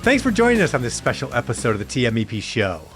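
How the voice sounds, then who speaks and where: A man's voice: mid-range voice, huge pitch swings, fast, over music. A man co-hosting a podcast, reading the scripted intro and outro. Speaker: podcast co-host.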